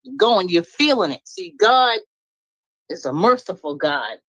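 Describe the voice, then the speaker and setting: A woman's voice: lowish voice, big pitch swings, a little slow, no echo, lo-fi sound. Blunt, emphatic woman venting. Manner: blunt, emphatic, laughing between points. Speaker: guest speaker. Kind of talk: candid personal venting.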